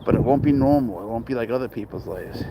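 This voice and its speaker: A man's voice: mid-range voice, quick pace, lo-fi sound, very noisy. A young man chatting casually on a phone livestream, rambling and crude as he answers viewer comments and talks to his cat outdoors.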